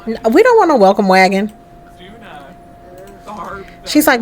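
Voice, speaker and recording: A woman's voice: a little high, big pitch swings, a little slow. A woman hosting a let's play, narrating a life-sim game and voicing the characters' dialogue as quoted asides.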